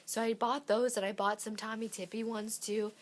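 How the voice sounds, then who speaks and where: A woman's voice: on the high side, level tone, normal speed. A young woman, a mother, giving a casual vlog update while sick and losing her voice, chatty and full of ums. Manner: chatty, lots of ums and likes. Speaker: parenting vlogger. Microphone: handheld camera, shaky.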